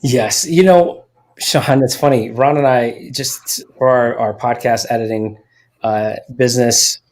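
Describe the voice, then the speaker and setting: A man hosting a podcast talks in a conversational way. He pauses on small fillers and restarts a phrase before going on. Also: mid-range voice, steady tone, a little mellow. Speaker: podcast host.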